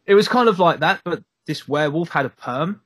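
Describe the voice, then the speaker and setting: A man chatting casually on a podcast, animated and joking, swearing and laughing. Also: on the high side, a little fast, breathy edge, dry recording. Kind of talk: casual chat.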